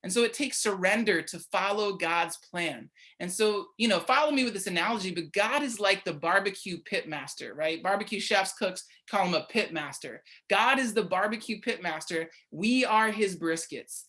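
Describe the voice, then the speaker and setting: A woman's voice: medium pitch, normal speed, hardly any pauses, a bit bright. A young woman giving a casual, conversational midweek sermon, often checking in with her listeners by asking "right?". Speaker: church speaker.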